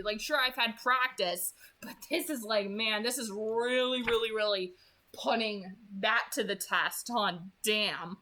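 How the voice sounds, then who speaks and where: With a slightly high, sharp-toned voice and an unhurried pace, a read-aloud channel host in her twenties gives a casual recap of a chapter she just read. She gushes as she comments, peppering her speech with "like" and "you know."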